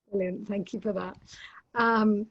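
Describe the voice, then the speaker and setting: A woman moderating a video-call Q&A, soft-spoken and hesitant, filling pauses with ums. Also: medium pitch, steady tone, highs cut off. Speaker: summit host and moderator.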